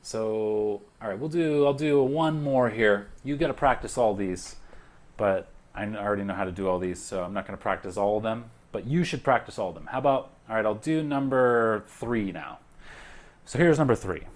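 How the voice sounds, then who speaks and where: A man teaching a recorded music lesson, counting beats aloud in a relaxed way with frequent fillers, while a keyboard plays along. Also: fairly low pitch, normal speed. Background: keyboard and clapping.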